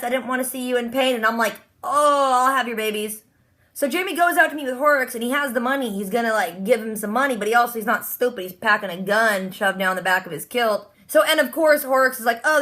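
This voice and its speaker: A woman vlogger casually recapping a TV episode, gushing and jokey, slipping into quick character voices. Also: on the high side, a bit bright.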